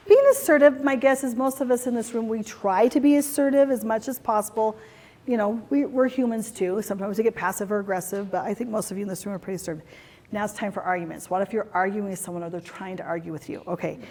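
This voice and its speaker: A woman's voice: mid-range voice, a little mellow. A woman corporate trainer leading a workshop for a retreat audience, encouraging and conversational, acting out playful examples. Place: retreat venue meeting room. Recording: long reverb of a hall.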